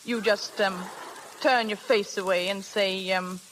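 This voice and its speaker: A woman's voice: mid-range voice, fairly even intonation, measured pace, fairly bright tone, a little hiss or hum, natural voice, poor audio. An actress in a 1930s radio play voicing a shrewd woman who coaches a younger girl in how to win a proposal. She talks in a coaxing, conspiratorial way, full of hesitations. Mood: scheming. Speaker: matchmaking confidante.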